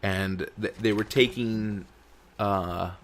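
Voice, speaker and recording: A man with a somewhat low voice hosts a loose, profane podcast. He reads news aloud and wanders into rambling asides. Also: fairly even intonation, takes it slowly. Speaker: podcast host. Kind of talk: casual podcast chat.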